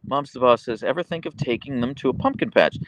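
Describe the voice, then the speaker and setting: A man hosting a casual livestream, reading viewer comments aloud and chatting about his dogs, slipping into a high cooing voice for his pet. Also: expressive, quick pace, a little hiss or hum. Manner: goes high and cooing when talking to his dog. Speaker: livestream host.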